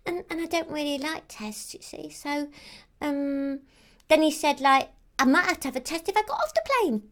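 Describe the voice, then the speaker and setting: A woman's voice: sits high, animated, normal speed, a bit bright. A woman playing a childlike female Christmas elf who rambles on with lots of "like" and "um". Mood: rambling. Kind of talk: character monologue to camera.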